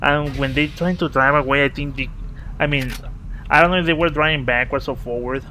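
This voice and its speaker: A man giving casual let's-play commentary, telling a story in a halting, rambling way with many restarts. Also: a little high, rough recording. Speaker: gaming video host. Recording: steady game noise behind voice. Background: video game sounds.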